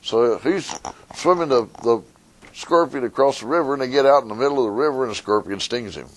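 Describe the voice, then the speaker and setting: A man, an attorney, giving a conversational talk to a live audience, sometimes acting out a fable with lively voices. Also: mid-range voice, brisk. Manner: conversational, retells a fable with rising animated voices. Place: meeting room with an audience.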